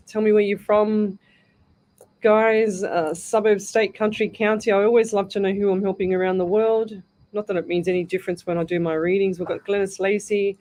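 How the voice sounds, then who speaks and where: A middle-aged Australian woman with a medium-pitched, darkish voice hosts a live call-in radio show as a psychic medium. She's chatty, greeting listeners by name and thinking aloud.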